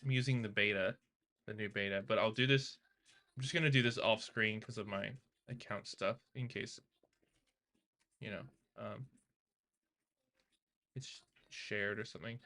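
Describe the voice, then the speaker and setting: Bright-voiced, chatty male streamer. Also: lowish voice, fairly even intonation, a little slow, pauses often. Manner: chatty, laughing, talks to viewers and reads their chat aloud. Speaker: live streamer learning to code. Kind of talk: casual live-stream chat.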